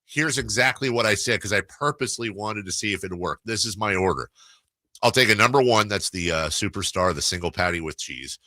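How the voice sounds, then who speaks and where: A man's voice: lowish voice, lively intonation, fairly quick, bright, forceful tone, no room sound. A man hosting a sports radio show, telling a rambling story in casual chat. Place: radio studio.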